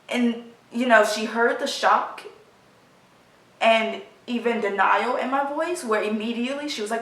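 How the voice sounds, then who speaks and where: A woman of about twenty, telling a personal story in a halting, emotional way full of fillers, recorded in her apartment. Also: a little high, fairly even intonation, fairly bright tone, far from the mic. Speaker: vlogger. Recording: roomy sound, voice from off the mic.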